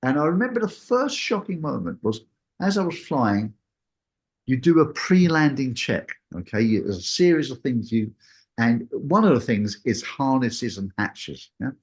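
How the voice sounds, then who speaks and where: A man telling a personal story in a casual, animated way, acting out what people said. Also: normal speed, slightly rough. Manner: animated, acts out what people said with big jumps in pitch.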